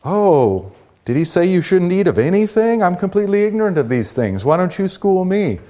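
A man's voice: sits high, very animated, moderate pace, dark tone, pitched above the performer's own voice. A man voicing a sly male serpent who plays ignorant in a passive-aggressive way. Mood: mock-innocent.

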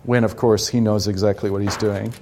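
A man's voice: fairly low pitch, little pitch movement, fairly quick, a little mellow. A man leading a Bible study class, explaining scripture conversationally and asking rhetorical questions.

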